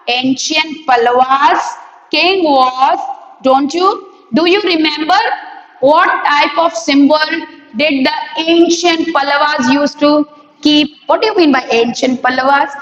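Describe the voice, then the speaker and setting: A woman's voice: sits high, fairly bright tone, muffled recording. A woman teacher explaining a textbook lesson, asking the class many questions and repeating key words. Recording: echoey room with long reverb.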